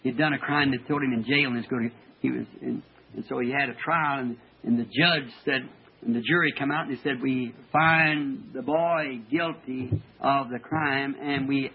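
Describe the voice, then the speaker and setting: A man preaching a fervent sermon testimony, halting and stammering as he tells his story. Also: mid-range voice, steady tone, vocal fry, husky. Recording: old tinny archival tape.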